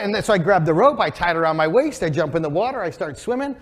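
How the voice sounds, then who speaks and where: A man in his forties telling an emotional, inspiring story on stage as a keynote speaker, building to excited peaks. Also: high-pitched, quick pace. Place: stage before a live audience.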